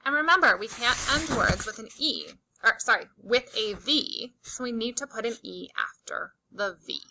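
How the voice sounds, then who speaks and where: A woman teaching a slow, patient phonics lesson to young children, stretching out and repeating each word for emphasis. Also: fairly high pitch, sharp tone, low-quality recording. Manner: drawn-out, emphatic word repetitions.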